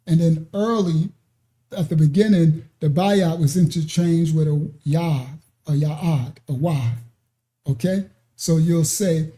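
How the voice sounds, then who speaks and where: An unhurried ministry teacher walks listeners through an informal scripture lesson, keeping a slow, steady pace. The tone is very dark and mellow. He often pauses to check in with "right?" and "okay?" and drifts into side paths with fillers and restarts. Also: mid-range voice. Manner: digressive, with many fillers and restarts.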